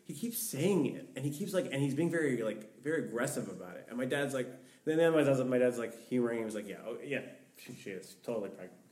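A man's voice: mid-range voice, lively intonation, fast, darkish tone. Man telling a story in an echoey room. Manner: rambling, heavy use of "like". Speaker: podcast guest. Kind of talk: storytelling in casual conversation. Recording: echoey room, distant mic.

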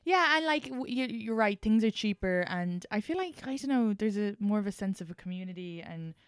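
A young Irish woman hosting a casual chat, telling animated stories and swearing freely. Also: mid-range voice, clean tone, no room sound, clean studio sound. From Ireland. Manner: animated storyteller, swears freely, quick laughs. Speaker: podcast host and comedian.

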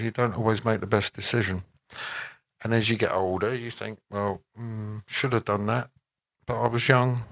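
Here an older musician, a guest at a Q&A, talks in a lowish voice. His relaxed replies wander, dotted with wry remarks and repeated self-corrections.

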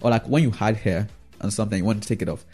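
A man with a fairly low, mellow voice talks through his football opinions in a loose, rambling monologue. He keeps tossing in tag questions to the listener as he goes. Faint music sits low behind him. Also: very fast, breathy edge. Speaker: football fan vlogger.

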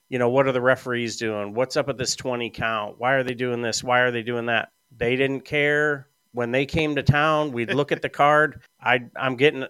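A man's voice: medium pitch, pushed and bright, clear, resonant tone, no room sound. A middle-aged man chatting casually on a podcast, telling long stories with lots of fillers and restarts. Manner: rambling storyteller with frequent fillers. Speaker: podcast guest. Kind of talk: casual chat.

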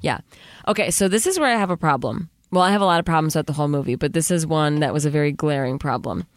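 Podcast co-host, young woman, wry and quick to mock, slightly low voice, dry sound. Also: dry recording. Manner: sarcastic, recaps plot with mock quotes. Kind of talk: casual movie recap chat.

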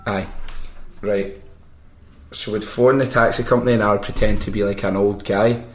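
A man with a Glaswegian accent who hosts a podcast, telling stories in casual, animated chat and swearing freely. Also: on the low side, moderate pace. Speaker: podcast host. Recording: roomy echo.

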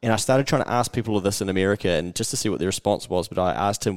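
A New Zealand man in casual podcast talk, retelling his travels and doing quick voices for the people he met. His voice sits a little low. The sound is dry and close, with no room echo. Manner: storytelling, acting out quotes, frequent mate and fillers. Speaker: podcast host. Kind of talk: casual chat.

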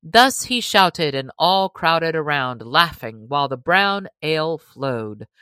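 Female audiobook narrator, unhurried and expressive, bright tone, dry close recording. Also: sits low, no room sound. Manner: measured, expressive reading. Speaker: audiobook reader.

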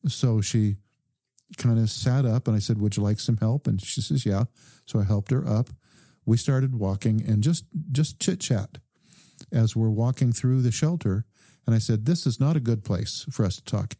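A man, a doctor guest on a podcast, calmly telling a story and quoting the people in it. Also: fairly low pitch, no echo, studio quality. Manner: calm, measured recounting with quoted dialogue. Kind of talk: conversational storytelling.

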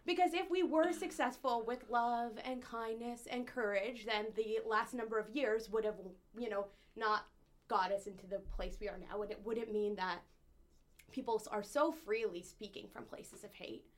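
A woman's voice: on the high side, moderate pace. A woman with a slight lisp, chatting on a podcast as a co-host candidate and telling a story in a blunt, heated way, swearing freely.

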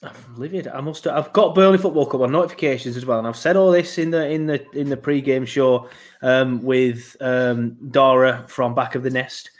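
A man's voice: medium pitch, normal speed. A man hosting a football podcast, talking casually and rambling with plenty of fillers. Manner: chatty, rambling, lots of fillers. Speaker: podcast host.

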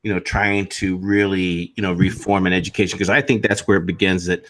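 A man's voice: low-pitched, level tone, a little fast, a little hiss or hum. A man in his forties co-hosting a podcast in an easygoing way, laughing often and using folksy phrases. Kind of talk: casual political chat.

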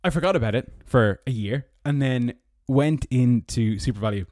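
Speaking at a normal pace with a slightly mellow tone, this young man from Ireland rambles through anecdotes on his casual one-man podcast, recorded in a parked car. His asides are sarcastic, and he puts on a squeaky voice to mock. The audio is dry and studio quality.

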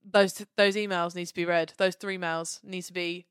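Excitable, sweary woman co-host. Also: lowish voice, normal speed, smooth, no echo, studio quality. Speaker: podcast co-host. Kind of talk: casual chat.

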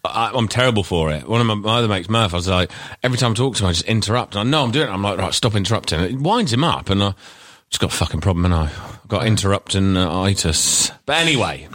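Lively low-voiced man. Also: no echo, studio quality. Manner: jokey, self-deprecating, quick to interrupt. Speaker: podcast co-host. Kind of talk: casual chat.

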